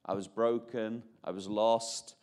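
A man's voice: lowish voice, little pitch movement, slow, a little mellow, clear, resonant tone. A Northern Irish man in his fifties preaching a personal testimony, chatty, with asides and restarts. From Northern Ireland. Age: 50s. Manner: chatty, self-interrupting, jokey asides.

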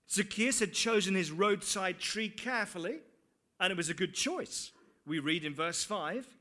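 A man's voice: high voice, animated, a little slow, sharp tone. A man preaching a sermon, earnest, with rhetorical questions and dry asides.

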